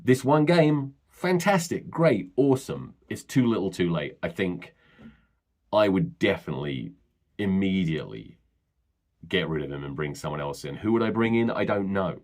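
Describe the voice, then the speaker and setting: A man's voice: deep voice, lively intonation, normal speed. A man hosting a solo podcast, rambling and swearing bluntly as he rants. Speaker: podcast host.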